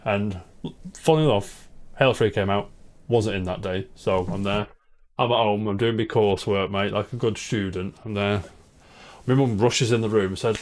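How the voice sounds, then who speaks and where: Host, male, thirties, lowish voice, matey and chatty. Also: fairly even intonation, moderate pace, a little mellow. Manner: matey, storytelling, says "mate" often. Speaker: podcast host. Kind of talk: casual chat.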